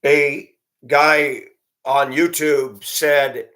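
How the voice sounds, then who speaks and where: A man's voice: mid-range voice, animated, unhurried, fairly bright tone. A man vlogging an angry, profane monologue at his computer. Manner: indignant, profane, ranting.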